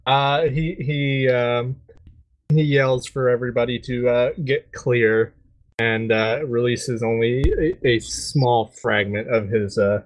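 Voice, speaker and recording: A man co-hosting a podcast, narrating his side of an improvised fight with many fillers and pauses. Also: medium pitch, fairly even intonation, rough recording. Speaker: podcast co-host. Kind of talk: comedic improvised storytelling.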